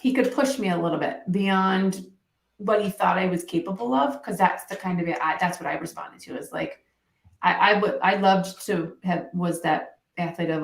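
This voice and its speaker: A woman who works as a mental performance coach, a podcast guest telling stories in a lively way and acting out what people said. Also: lowish voice, normal speed, echoey room. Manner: animated storytelling, acts out quotes. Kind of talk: podcast interview guest, casual chat.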